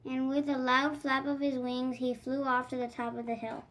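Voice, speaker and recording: High-voiced woman reading a storybook. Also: flat delivery, moderate pace, a bit bright, rough recording. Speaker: storybook reader. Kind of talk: children's read-aloud narration.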